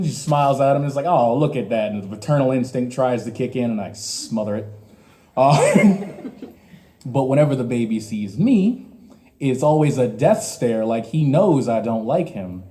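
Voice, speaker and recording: A man's voice: mid-range voice, expressive, moderate pace, mellow. A man in his twenties doing open mic stand-up, with crude, ranting, self-mocking jokes. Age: 20s. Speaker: stand-up comedian. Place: small comedy venue.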